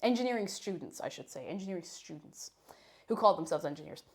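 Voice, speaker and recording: A young Irish woman streaming live while baking, chatting in a rambling, animated way, laughing often and reading out chat messages. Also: lowish voice, fast.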